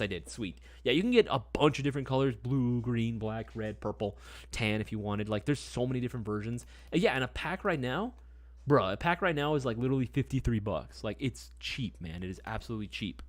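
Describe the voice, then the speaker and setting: Laid-back and slangy, a young man hosting a live stream keeps tossing in "right?" and "man" as he talks, his mid-range voice animated and slightly quick. The audio is close and dry, with no echo or room sound.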